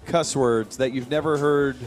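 A man, hosting a radio show, telling a story in lively casual banter and laughing often. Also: medium pitch, unhurried, soft background music.

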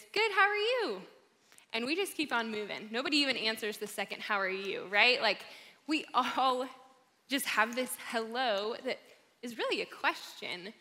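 Female speaker, encouraging and conversational, bright tone, live hall sound. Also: fairly high pitch. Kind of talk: live talk to an audience. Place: large room with an audience. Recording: hall reverb.

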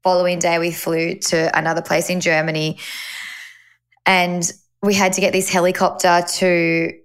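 Relaxed woman telling travel stories. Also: on the low side, normal speed, clear, resonant tone. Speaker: podcast co-host. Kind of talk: casual chat.

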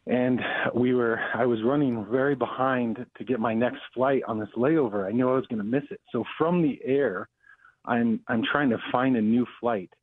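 A man from Colorado, a pastor and guest, telling a story in an earnest, animated way with small restarts. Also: medium pitch, normal speed, no room sound. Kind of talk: storytelling interview. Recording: tinny phone line.

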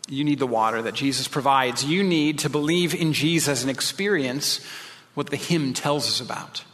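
A man's voice: medium pitch, normal speed, a bit bright, long reverb tail. A male pastor preaching a sermon, earnest and pleading, sometimes dropping his voice to a whisper.

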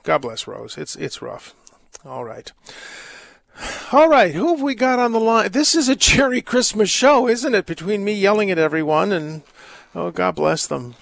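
A man's voice: high-pitched, big pitch swings, normal speed, a bit bright, dry recording. A man, a priest hosting a call-in radio show, giving earnest pastoral advice with jovial asides. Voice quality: gravelly. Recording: dry close studio mic.

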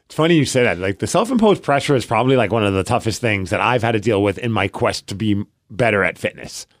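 A man's voice: on the low side, animated, fast, dry recording, studio quality. A man in his thirties co-hosting a casual podcast, telling stories animatedly with lots of filler "like". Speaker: podcast co-host. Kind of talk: casual chat.

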